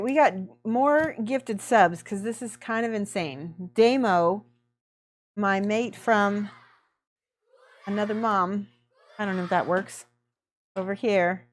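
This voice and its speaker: A woman's voice: mid-range voice, slight background noise. A woman hosting a miniature painting livestream, chatting effusively and thanking viewers by name while she works.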